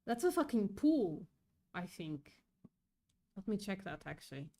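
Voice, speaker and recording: A woman's voice: medium pitch, sing-song, a little slow, dark tone. A woman hosting a casual livestream, upset and thinking aloud, swearing often as she reads chat. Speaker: livestream host reading chat.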